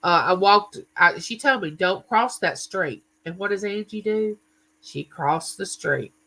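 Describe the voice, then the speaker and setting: A man hosts a casual livestream, chatting away and greeting his viewers by name. His voice is bright and forceful, and he keeps things conversational as he tells his stories. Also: high-pitched, a little slow, low-quality recording. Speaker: livestream host.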